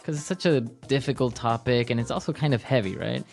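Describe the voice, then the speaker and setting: A man co-hosting a language lesson podcast, relaxed and affirming in a casual chat. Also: medium pitch, fairly quick, vocal fry, soft background music. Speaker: podcast co-host.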